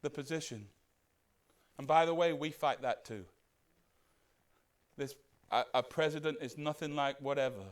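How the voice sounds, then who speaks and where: A man preaching a sermon as pastor, animated and putting questions to the congregation. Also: on the high side, normal speed, pauses often.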